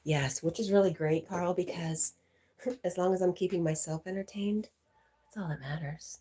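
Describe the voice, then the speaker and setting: A middle-aged woman hosting a livestream from home on a laptop mic. She chats casually, reads viewer comments aloud and laughs often, clearly amused by herself. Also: fairly low pitch, normal speed, dark tone, poor audio. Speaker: livestream host.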